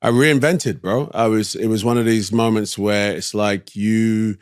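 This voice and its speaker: A man's voice: on the low side, steady tone, measured pace, no room sound, studio quality. A man from East London with a London accent, a guest casually telling stories in a laid-back, slangy way. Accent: London English. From East London, England. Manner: laid-back, slangy, drifts between thoughts. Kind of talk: casual storytelling.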